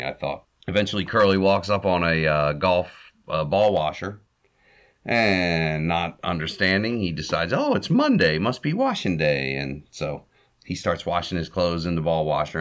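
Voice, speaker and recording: A man hosting a podcast, casually retelling a comedy short with frequent chuckles and fillers. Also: low-pitched. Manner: chuckles often, relaxed with fillers. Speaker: podcast host.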